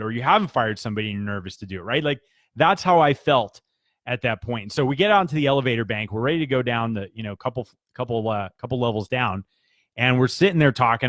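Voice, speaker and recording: A man's voice: mid-range voice, fairly bright tone, dry recording. Earnest man telling a story, dry sound. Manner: earnest, conversational with restarts and fillers. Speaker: business speaker. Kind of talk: casual storytelling.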